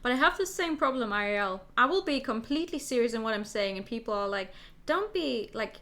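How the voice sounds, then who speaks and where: Young woman streamer, bright and lively, joking game chat. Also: fairly high pitch. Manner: animated, joking, quick asides.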